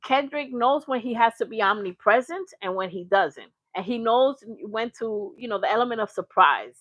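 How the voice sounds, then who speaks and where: A woman hosting a live reaction stream, speaking with emphasis and shouting out her viewers by name. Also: fairly high pitch, lively intonation, moderate pace, dry recording, muffled recording. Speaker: livestream host.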